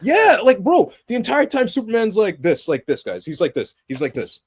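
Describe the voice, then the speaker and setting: Passionate young man, slightly high voice. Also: moderate pace, husky. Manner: animated, passionate, swings between loud excitement and low earnest tones. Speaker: podcast co-host. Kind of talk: casual movie review chat.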